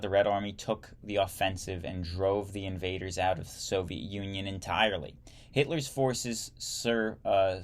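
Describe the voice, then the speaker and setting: Man reading history aloud, stumbling. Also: lowish voice. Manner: stumbles and corrects himself while reading, adds wry asides. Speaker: podcast host reading a history text.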